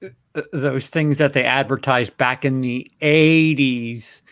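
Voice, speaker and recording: A man's voice: medium pitch, steady tone, takes it slowly, a bit bright, no echo, studio quality. A man co-hosting a casual film chat, making sarcastic, joking asides. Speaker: co-host.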